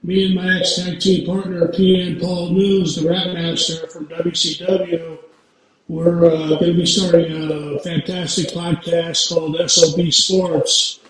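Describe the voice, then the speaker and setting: A man joining a podcast as a guest on a headset, friendly and hearty, calling the hosts brother. His voice sits fairly high, and it comes through with a heavy echo over the remote line. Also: flat delivery, a little slow, a crowd in the background. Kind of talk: casual chat.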